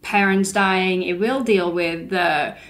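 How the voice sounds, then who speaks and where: A woman co-hosting a book podcast, chatting casually and laughing easily with quick asides. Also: on the low side, steady tone, a bit bright. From lived in England for some years, learned English there. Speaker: podcast co-host.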